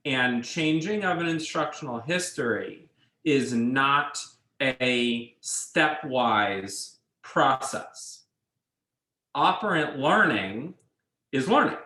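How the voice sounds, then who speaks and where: A male instructor lectures at a slow, deliberate pace, laying out each idea in careful steps. He checks in with his students as he goes. His voice carries a roomy echo from the classroom. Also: medium pitch, sharp tone. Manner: measured, explains step by step, checks in with students. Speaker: university instructor.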